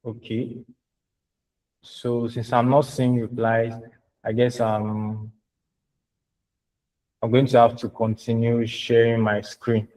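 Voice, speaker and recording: Man, online teacher, very slow, halting, repeats himself. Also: mid-range voice, flat delivery, dark tone, rough recording. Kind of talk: online lecture.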